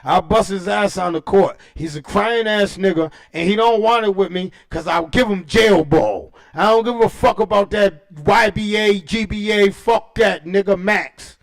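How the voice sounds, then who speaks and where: Male livestream host with a high, gravelly voice who rattles off shout-outs and profane, boastful street-slang trash talk. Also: moderate pace, few pauses. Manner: frequent fillers like "you know what I'm saying". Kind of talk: casual livestream chat.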